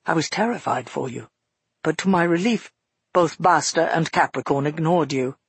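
A man's voice: fairly high pitch, slightly rough, dry recording. A man reading an earnest father recounting. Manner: measured, earnest storytelling in first person. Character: grown father recounting a frightening past, shaken. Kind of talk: audiobook narration.

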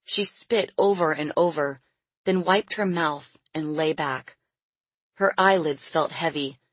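Low, husky woman narrating a story. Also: slow, no room sound. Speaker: audiobook narrator. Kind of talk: scripted narration.

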